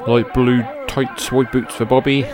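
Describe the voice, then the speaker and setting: A British podcast host narrates old wrestling footage move by move, relaxed and descriptive. His pitch sits mid-range. A clear crowd roar from the footage plays behind him. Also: unhurried. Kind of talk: play-by-play over archive footage.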